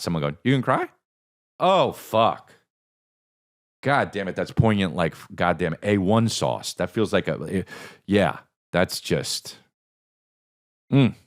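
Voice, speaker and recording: A lower-pitched man, maybe in his thirties or forties, tells a story on his podcast. His voice swings widely in pitch as he acts out the people in it, swearing freely and keeping it casual. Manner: animated, profane, acts out quoted voices. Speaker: podcast host.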